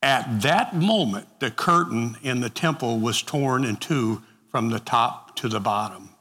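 Slow, bright-voiced man leading Bible study. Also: medium pitch, long reverb tail. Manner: halting, repeats words and restarts, conversational.

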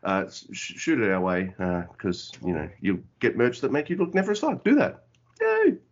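Husky, playful podcast host man. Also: sits low, sing-song, brisk. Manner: goofy, playful wordplay. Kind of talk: casual chat. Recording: dull lo-fi audio.

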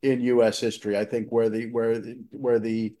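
A man from Boston with a mellow, warm voice, co-hosting a podcast conversation. He talks in an animated way and leans on key words when he makes a point. His pitch sits in the middle for a man. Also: moderate pace. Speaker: podcast co-host. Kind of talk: conversational discussion.

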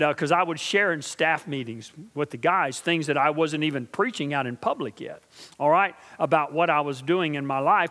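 A middle-aged man preaching to his congregation in a fairly high voice, with a long hall reverb trailing behind him. He drops to slow, hushed intensity and then climbs into loud, driving emphasis, checking in with his listeners as he goes. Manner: preaching with call-and-response asides to the congregation; shifts from quiet, slow intensity to loud, emphatic build-ups. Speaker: pastor. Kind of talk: sermon.

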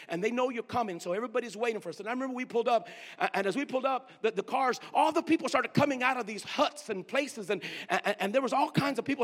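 Pastor, man, high-pitched, storytelling sermon, dynamic from booming to whispered, long church reverb. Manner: swings between loud outbursts and hushed near-whispers. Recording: long reverb of a large hall.

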